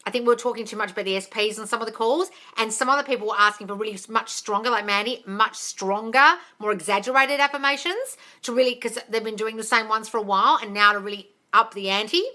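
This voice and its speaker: Brief: woman, live-stream coach, bright higher voice, blunt, swears freely. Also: fast, few pauses. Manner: blunt and swears freely, calls viewers darling. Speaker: manifesting coach answering live chat questions. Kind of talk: casual live-stream chat. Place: home, dog barking nearby. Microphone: phone livestream.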